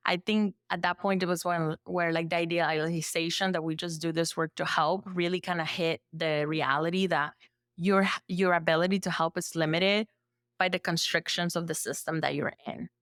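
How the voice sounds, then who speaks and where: A woman therapist from El Salvador, speaking as a podcast guest in a relaxed storytelling way, full of "like" fillers and lively acted-out quotes. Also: on the low side, normal speed, dry recording, clean studio sound. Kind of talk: conversational storytelling.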